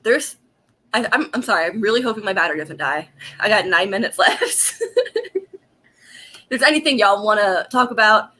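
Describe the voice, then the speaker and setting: Woman, young, profane livestream rant, bright voice that swings all over. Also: mid-range voice, animated, normal speed, long pauses, slight background noise. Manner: angry profane rant with frequent laughs. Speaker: vlogger. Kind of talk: ranting casual livestream. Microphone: laptop webcam.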